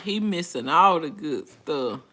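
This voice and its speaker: A woman's voice: low-pitched, expressive, unhurried, fairly bright tone. A woman in her forties hosting a casual livestream, reading viewer comments aloud and chatting in a folksy way with frequent laughter. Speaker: livestream host.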